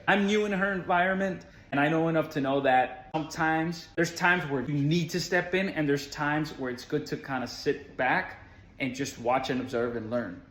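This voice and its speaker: A man's voice: fairly high pitch, fairly bright tone. A man who works as school support staff, telling a personal story in an earnest, conversational way with casual fillers. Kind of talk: storytelling monologue. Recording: roomy echo.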